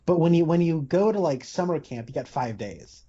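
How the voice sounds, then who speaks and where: A man's voice: fairly high pitch, expressive, normal speed, mellow, husky. A man hosting a podcast, talking about films in a rambling, casual way with many fillers and restarts. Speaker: podcast host. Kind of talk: casual film discussion. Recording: dull lo-fi podcast audio.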